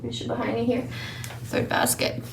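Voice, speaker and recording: A woman's voice: fairly high pitch, completely flat delivery, moderate pace, vocal fry, heavy background noise. A young woman giving a casual tarot reading, chatty and encouraging, a little out of breath and laughing often. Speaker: tarot reader.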